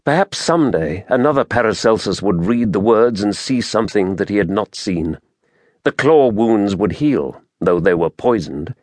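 A man narrating a fantasy audiobook in a measured, dramatic storytelling manner, recorded close to the mic. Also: on the low side, animated, a little mellow, no room sound.

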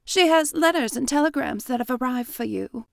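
A woman voicing a kind, earnest young woman from a period story who speaks warmly and pleadingly to her sister. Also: high voice, normal speed, creaky, no room sound, clean studio sound, pitched above the performer's own voice. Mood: eager.

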